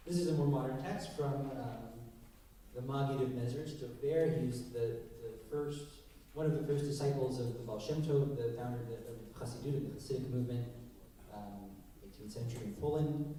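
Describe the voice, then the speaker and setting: A man, a rabbi leading a text study with questions, animated and acting out quotes, recorded from a distance in a synagogue hall. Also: medium pitch, a little fast, a little hiss or hum. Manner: animated, acts out quotes with rising voice. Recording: echoey room, recorded from a distance.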